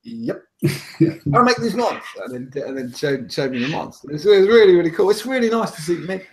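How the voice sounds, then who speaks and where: A man co-hosting a casual chat show, talking with excitable energy. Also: on the high side, fairly quick, slight background noise. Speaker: co-host.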